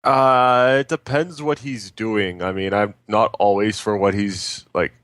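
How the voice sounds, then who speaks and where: Young canadian dude rambling on a podcast, lowish voice, dry close sound. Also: male voice, fairly even intonation, a little slow, fairly bright tone, no room sound. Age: young adult. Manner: hesitant, rambling with fillers. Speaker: podcast co-host. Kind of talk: casual chat.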